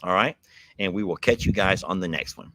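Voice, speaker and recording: A man's voice: low voice, brisk. A man hosting a livestream, chatting casually and folksily with a guest. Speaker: livestream host. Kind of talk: casual live chat with a guest.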